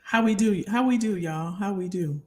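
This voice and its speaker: A woman's voice: mid-range voice, moderate pace. A middle-aged woman hosting a live stream, chatting casually and heartfelt with her viewers and often repeating phrases. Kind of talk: casual chat to a live audience.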